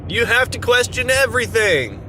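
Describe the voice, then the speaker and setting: A man's voice: very high-pitched, sing-song, normal speed, bright, forceful tone, slight background noise. A man ranting in an exasperated, sarcastic way in an opinion vlog. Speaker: vlogger. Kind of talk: opinion rant to camera.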